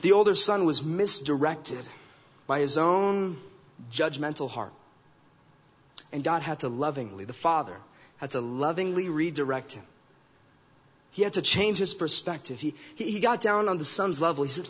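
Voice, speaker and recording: Guest preacher, male, slightly high voice; emphatic, repeats phrases; dull recording in a sanctuary. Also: expressive, moderate pace, long pauses, fairly bright tone, husky. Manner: emphatic, acts out quoted remarks in character voices. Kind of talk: sermon. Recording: dull recording with long hall reverb.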